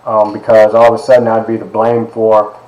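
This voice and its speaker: A man's voice: fairly low pitch, completely flat delivery, brisk, a little mellow. A man in his forties from Ohio, telling a candid personal story to a class in an emphatic, conversational way with frequent asides. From Ohio, United States. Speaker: lecturer. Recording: echoey classroom.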